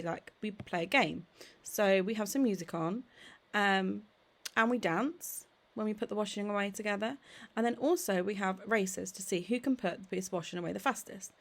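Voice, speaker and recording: A woman's voice: mid-range voice, gravelly. A woman in her thirties, a play therapist, giving an earnest, encouraging parenting talk with frequent "okay?" check-ins. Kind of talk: direct-to-camera parenting talk.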